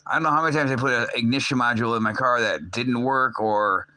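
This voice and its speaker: A man chats on his livestream in a loose, rambling way, full of fillers and casual swearing. His voice is bright and forward. The sound is close and dry, with no room around it. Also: medium pitch, fast talker, no echo. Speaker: livestream host.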